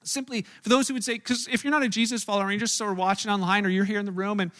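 A man preaching a sermon to a church room, telling the story in an animated way and acting out the voices of the people in it. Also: high-pitched, very fast. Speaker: pastor.

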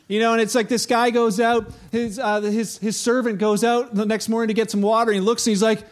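A man preaching a conversational sermon, telling a story in an animated way and acting out the voices. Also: sits high, fairly quick. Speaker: pastor.

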